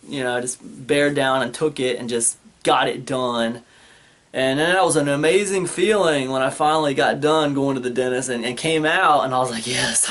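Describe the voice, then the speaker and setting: A man's voice: mid-range voice, a bit bright. A man hosting his own channel, telling a personal story in a casual, rambling way, full of fillers like "man" and "you guys". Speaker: channel host.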